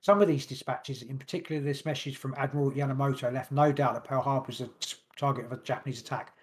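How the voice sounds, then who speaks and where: A man's voice: medium pitch, steady tone. Man rattling through podcast notes. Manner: reads long passages quickly, stumbling over words. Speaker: podcast host. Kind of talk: casual podcast chat, reading notes aloud.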